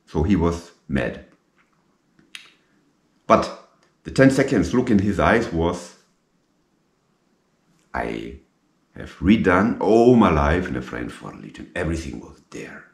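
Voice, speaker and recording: A middle-aged man, a native German speaker, telling his own story slowly and emphatically in English, repeating himself and dropping in French military terms. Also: sits low, big pitch swings, gravelly. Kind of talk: personal storytelling monologue. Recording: echoey room with faint guitar music.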